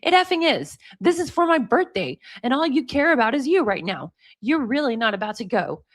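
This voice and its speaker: A woman's voice: a little high, very animated, brisk. A woman reading as an upset teenage girlfriend. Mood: indignant. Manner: read aloud with little acting.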